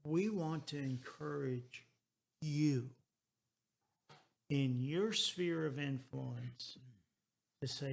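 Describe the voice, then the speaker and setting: Slow, gravelly man in his sixties. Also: a little high. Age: 60s. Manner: earnest, halting, repeats words. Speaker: radio host. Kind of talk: casual talk radio chat.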